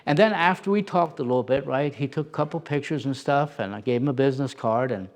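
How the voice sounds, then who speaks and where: A man who plays Santa, telling a casual anecdote in an animated way and acting out the voices of the people in it. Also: mid-range voice, fast. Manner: animated, acts out quoted voices.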